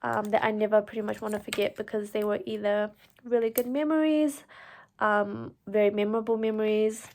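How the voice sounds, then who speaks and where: A woman's voice: mid-range voice, fairly quick, slight background noise. A young woman, telling a personal story to camera in a chatty way, full of fillers and "like". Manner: chatty, full of fillers, animated when quoting herself. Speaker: vlogger.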